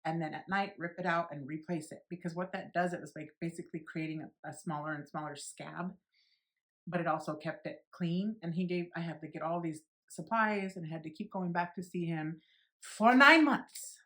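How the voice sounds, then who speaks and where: Her voice sits on the low side, steady in tone, and she talks fairly quickly. In her forties, this beauty vlogger shares a personal tale frankly and bluntly, swearing freely and mimicking what others told her.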